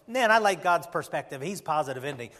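A man with a notably high voice delivers a church sermon as its pastor. He swings between hushed asides and loud, emphatic peaks, stretching out the phrases he wants to land. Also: expressive. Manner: emphatic preaching, swings from soft to loud, slows on key phrases.

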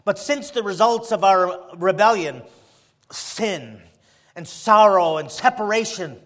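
A male preacher delivering a sermon, full of rhetorical questions and swinging between loud emphasis and quiet passages. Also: high voice, expressive, slow.

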